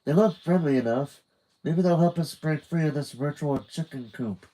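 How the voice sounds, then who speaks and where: A man's voice: fairly high pitch, moderate pace, warm tone, voice pushed up, natural voice, low-quality recording. A man voicing a young spy boy who talks in an exasperated, wry way. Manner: exasperated, sarcastic.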